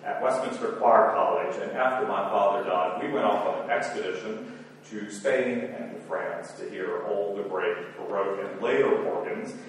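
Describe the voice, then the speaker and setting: Moderating a conference, a man gives formal remarks at a moderate pace, slipping in dry jokes at his own expense. His voice sits on the low side, heard from far off in a roomy lecture hall with a little hiss or hum.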